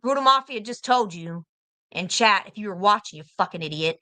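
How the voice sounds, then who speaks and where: A young woman with an American accent argues on a livestream, her voice bright and sharp. She is confrontational and profane, and she repeats her points again and again to drive them home. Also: medium pitch, lively intonation, fairly quick. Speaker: livestream guest. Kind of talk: heated livestream argument.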